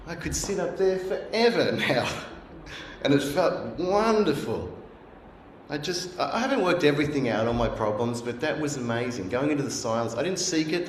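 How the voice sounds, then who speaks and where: A man with a mid-range voice tells a sermon as a personal story in a church hall, with slight background noise. He is a guest speaker, earnest in his storytelling, and he acts out voices from memory. The recording has a roomy echo.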